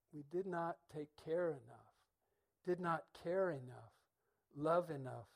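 A middle-aged man preaching a reflective sermon in a thoughtful, measured way, pausing as he goes. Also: fairly high pitch.

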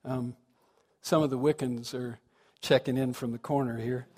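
A man's voice: medium pitch, steady tone, moderate pace, dark tone. A man giving a reflective, conversational sermon to a congregation, often asking them questions. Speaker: minister. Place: congregation hall. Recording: long hall reverb.

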